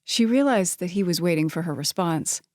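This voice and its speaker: A woman reading a romance novel aloud, narrating in a steady, measured way. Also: lowish voice, dry recording, studio quality. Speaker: audiobook narrator.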